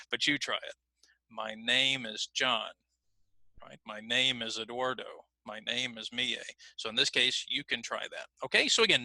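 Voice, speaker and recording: A man teaching an online pronunciation class, patient and repetitive, slowly modeling phrases for learners to repeat. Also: fairly high pitch, pushed and bright, no echo. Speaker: ESL teacher.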